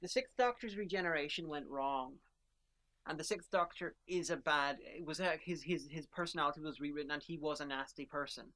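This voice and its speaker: This podcast co-host is a woman whose voice sits low and sounds fairly bright, and she speaks briskly. Chatting casually, she eagerly analyses favourite characters in a rambling, fan-driven way, restarting often.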